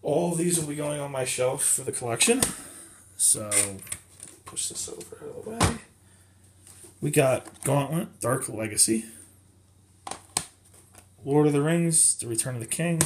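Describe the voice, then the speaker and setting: Male vlogger, unhurried, rambling show-and-tell, audible hiss and clicks behind. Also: mid-range voice, expressive. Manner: rambling, self-correcting, chatty. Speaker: game collector showing finds. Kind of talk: casual show-and-tell vlog. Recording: clear background noise with clicks.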